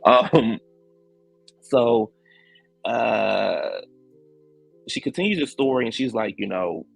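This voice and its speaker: A man giving casual, animated commentary as a reality show recap host, slangy, acting out the quotes. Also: on the low side, takes it slowly, vocal fry, slightly rough, no echo, soft background music.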